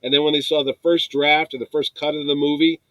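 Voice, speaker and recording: Man, slightly high voice, animated storyteller, acts out quotes, dry close sound. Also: quick pace, dry recording, low-quality recording. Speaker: podcast co-host. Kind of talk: casual chat, storytelling.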